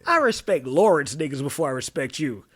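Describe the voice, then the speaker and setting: A young man, co-hosting a casual podcast and telling profane, animated stories, laughing often and acting out other people's voices. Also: on the high side, a little fast, a little hiss or hum. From Boston. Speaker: podcast co-host. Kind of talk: casual storytelling chat.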